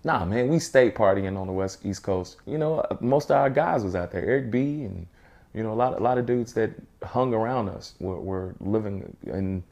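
Laid-back deep-voiced man. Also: expressive, normal speed, creaky, a little mellow. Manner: laid-back, repeats his points. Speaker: interview guest. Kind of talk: casual interview answers.

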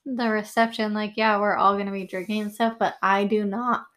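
A woman's voice: medium pitch, level tone, fairly quick, fairly bright tone. A young woman in her twenties co-hosting a podcast, chatting casually with lots of "like" and swearing. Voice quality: filler-heavy, swearing. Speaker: podcast co-host. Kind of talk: casual chat.

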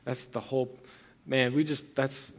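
A man's voice: mid-range voice, flat delivery, measured pace. Young male pastor, casual sermon. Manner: casual, earnest, conversational preaching with frequent restarts.

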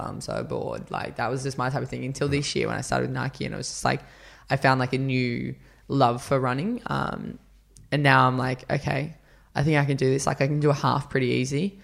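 A man's voice: mid-range voice, vocal fry, fairly bright tone. A man, a podcast guest, chatting casually and telling stories, acting out quotes with lots of fillers. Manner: chatty storyteller, acts out quotes, many fillers. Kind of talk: casual interview chat.

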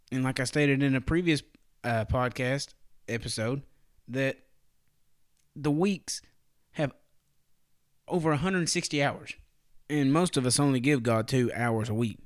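A man's voice: medium pitch, no room sound, studio quality. Plain-spoken man giving a devotional. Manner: folksy, plain-spoken, asks rhetorical questions. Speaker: podcast preacher. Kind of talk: casual devotional teaching.

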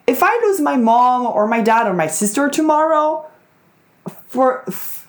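A woman's voice: fairly high pitch, big pitch swings, measured pace. A young woman hosting her own show, chatting casually on her own in a rambling, emphatic way with frequent swearing. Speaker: podcast host. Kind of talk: casual solo chat.

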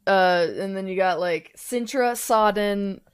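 A woman's voice: medium pitch, measured pace, clear, resonant tone. A woman from the United States in casual chat, rambling with many fillers and laughing often.

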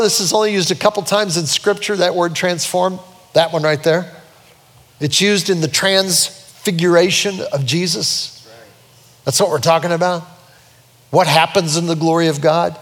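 A man's voice: steady tone, moderate pace, a bit bright. An older man preaching a sermon from the pulpit, telling a family story and then building to fervent, soaring scripture reading. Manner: storytelling, rising to fervent high-pitched preaching. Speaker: pastor. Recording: long reverb of a large hall.

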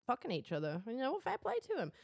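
A woman's voice: on the high side, huge pitch swings, fast, gravelly, husky, no room sound, studio quality. An Englishwoman co-hosting a podcast, chatting casually about a film, swearing freely and laughing often. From England. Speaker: podcast co-host. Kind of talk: casual film review chat.

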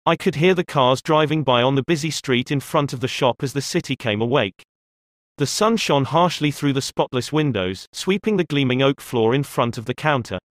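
Reading an audiobook with measured, expressive storytelling, a man speaks in a mid-range voice. There's no echo, and the studio sound is clean.

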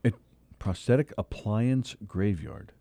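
A man's voice: on the low side, expressive, slow, gravelly, mellow, dry recording. A man co-hosting a comedy radio show, telling a rambling story in casual banter with lots of restarts. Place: radio studio.

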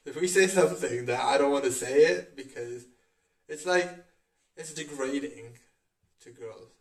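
A man from India chatting casually on a podcast, laid-back and hesitant, with loud bursts of disbelief. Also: mid-range voice, unhurried, recorded from a distance. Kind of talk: casual chat. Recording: echoey room, off mic.

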